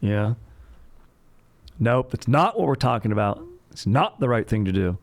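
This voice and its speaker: A podcast host with a mid-range male voice swings his pitch widely and shows vocal fry, speaking at normal speed. He chats casually and jokingly about history in a rambling bro style, constantly saying "dude."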